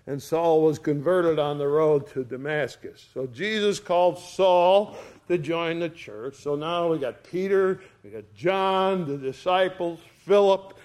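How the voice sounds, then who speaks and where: A man preaching a sermon as pastor, telling stories in a folksy, homely way. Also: sits high. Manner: folksy storytelling.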